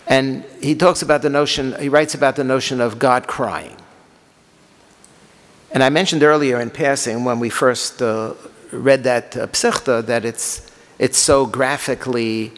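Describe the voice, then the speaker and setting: Rabbi reading texts in a reverberant hall. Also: male voice, medium pitch. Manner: halting, with many fillers and restarts. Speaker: rabbi teaching a text class. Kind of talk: lecture reading and translating Hebrew and Aramaic texts.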